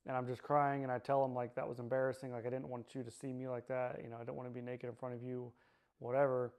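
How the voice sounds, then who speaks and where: A man telling his own story in a personal testimony, quiet and subdued, halting and searching for words with many fillers. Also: medium pitch, little pitch movement, clean tone. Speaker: survivor sharing his story.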